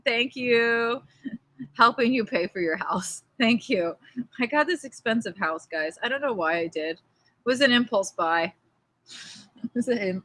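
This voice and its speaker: A woman's voice: fairly high pitch, sharp tone, low-quality recording. A young woman livestreaming casually outdoors in front of her house, rambling, thanking viewers by name and reading aloud from a book. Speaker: livestream host. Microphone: laptop or webcam mic.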